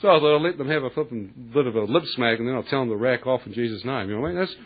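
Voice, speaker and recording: A man giving a lively, colloquial testimony sermon, acting out the voices of others and laughing often. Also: mid-range voice, racing. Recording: tinny lo-fi, husky.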